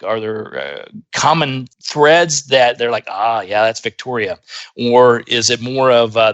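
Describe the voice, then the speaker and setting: A man's voice: mid-range voice, fairly bright tone, no room sound. A man from the United States hosting a podcast interview, speaking in a rambling, hesitant way with many fillers. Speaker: podcast host.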